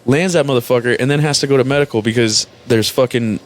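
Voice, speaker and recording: A man's voice: mid-range voice, fast. A man, a former Marine, telling a story in a casual chat, swearing freely and laughing often. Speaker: podcast host, former Marine.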